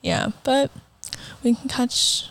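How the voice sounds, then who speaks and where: A woman's voice: sits high, expressive, slow pace, creaky. A young woman co-hosting a casual chat, talking in a chatty, self-mocking way with lots of fillers. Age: young adult. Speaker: co-host.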